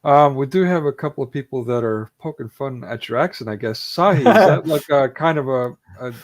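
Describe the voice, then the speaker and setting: An American man hosting a casual online talk show, relaxed and thoughtful, with many ums. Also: medium pitch, a little fast. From United States. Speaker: podcast host. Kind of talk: casual conversation.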